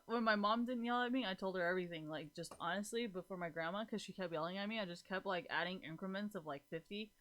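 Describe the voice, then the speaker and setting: A woman's voice: medium pitch, fast talker, a bit bright. A young woman casually telling a story to the camera in a rambling vlog, laughing often, swearing freely and filling her talk with "like". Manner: rambling, giggly, swears a lot, lots of "like". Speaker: vlogger.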